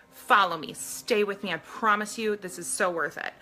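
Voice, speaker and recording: A woman's voice: medium pitch, normal speed, few pauses, bright, forceful tone. A woman hosting a casual live stream, talking earnestly to her viewers and reading aloud from a book. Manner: earnest, addresses viewers directly.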